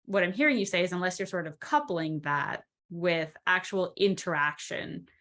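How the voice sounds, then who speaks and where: A woman's voice: lowish voice, normal speed, a bit bright. A woman hosting an interview, asking questions and reading out questions from group members. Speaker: interviewer, host.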